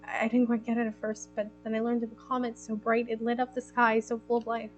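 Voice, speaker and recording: A woman voicing a gentle, grief-stricken young man, speaking quietly and shakily. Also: fairly high pitch, monotone, a little fast, faint music behind, close to an everyday voice, poor audio. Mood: grieving. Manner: quiet, trembling, subdued.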